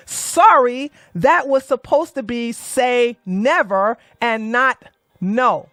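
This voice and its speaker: A woman doing heated livestream commentary, blunt and animated, swearing and mocking as she swings from low muttering to loud outbursts. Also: measured pace, no room sound, studio quality. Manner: swears and mocks. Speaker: commentary streamer.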